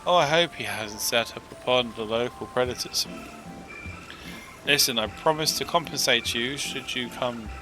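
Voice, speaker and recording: A man's voice: mid-range voice, normal speed, close to an everyday voice. A man voicing a flustered, apologetic male archivist in a video game, stammering now and then, with game music behind. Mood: worried. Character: fretful male archivist seeking a lost specimen.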